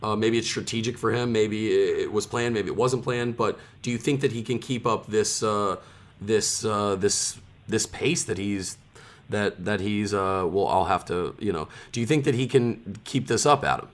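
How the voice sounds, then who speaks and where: A man's voice: lowish voice, normal speed. A man co-hosting a podcast, chatting casually and rambling with many restarts. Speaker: podcast co-host. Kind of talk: casual chat.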